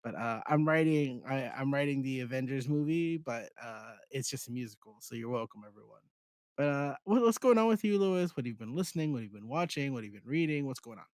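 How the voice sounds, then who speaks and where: A man's voice: mid-range voice, expressive, quick pace, darkish tone, dry recording. A man co-hosting a podcast in casual chat, rambling and self-deprecating. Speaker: podcast co-host.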